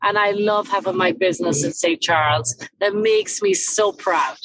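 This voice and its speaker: An Irish woman from Cavan, a parade emcee, chatting frankly and lively in an interview. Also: on the low side, normal speed, poor audio. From Ireland, County Cavan. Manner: lively, frank, blunt with swearing. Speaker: parade emcee and salon owner. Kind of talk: casual interview chat.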